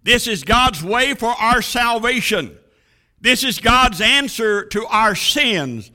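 A man preaching a sermon with a dramatic cadence, rising to booming lines and dropping to a hush. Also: animated, slow pace.

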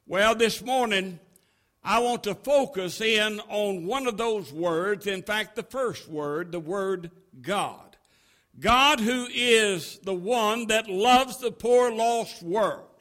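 A male preacher delivers a sermon in a very high, bright voice. He speaks slowly and emphatically, with a measured pulpit cadence that swells into loud, ringing crescendos.

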